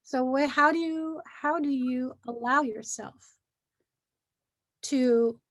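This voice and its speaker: As a guest in a relaxed conversation, a middle-aged woman who practices hypnosis talks in a high-pitched, slow voice. Earnest and animated, she acts out people's inner self-talk while explaining feelings.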